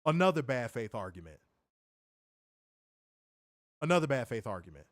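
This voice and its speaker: A man co-hosting a wrestling review stream, answering viewer comments in casual, animated chat. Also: mid-range voice, normal speed, dry recording, studio quality. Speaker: wrestling show co-host.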